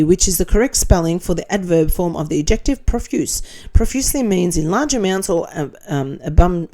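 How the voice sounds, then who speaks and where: A woman's voice: lowish voice, mellow. A middle-aged Australian woman hosting a casual commentary chat, reading viewer comments aloud with blunt, sarcastic, laughing asides.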